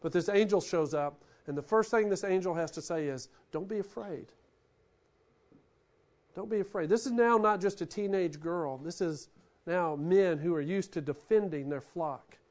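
A man preaching a sermon, who swings between loud, animated bursts and hushed, quiet lines. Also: high-pitched, moderate pace. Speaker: pastor.

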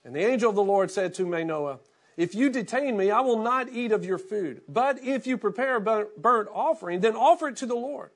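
A middle-aged man, a pastor, reading scripture aloud and then preaching in a relaxed, storytelling way. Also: high-pitched, a little fast.

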